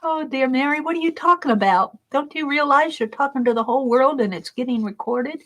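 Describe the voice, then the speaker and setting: A woman's voice: high-pitched, brisk, fairly bright tone. An older woman chatting casually while she crafts, rambling and giggling and talking to herself. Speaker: craft vlogger.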